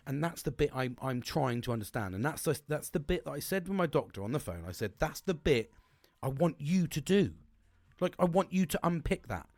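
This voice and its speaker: A man's voice: medium pitch, dry recording. Rambling sweary man, dry close mic. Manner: rambling, sweary, frequent restarts. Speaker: podcast host. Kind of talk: casual monologue.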